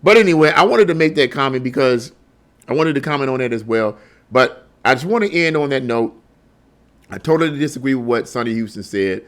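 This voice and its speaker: A man's voice: mid-range voice, animated, brisk. A middle-aged man giving blunt, heated solo commentary, often repeating words as he gets worked up. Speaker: political commentary host.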